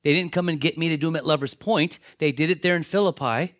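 A man preaching a sermon, telling Bible stories in a lively way and acting out the characters' lines. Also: on the high side, quick pace, no room sound, studio quality. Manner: animated storytelling, acts out voices of biblical characters. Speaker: pastor.

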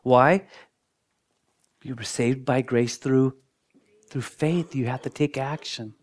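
Male pastor, sermon delivery, mid-range voice, swings from forceful emphasis to near-whispers, repeats words for effect. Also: mid-range voice, steady tone, takes it slowly. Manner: dynamic preaching, dropping to near-whispers for emphasis; repeats words as he builds a point.

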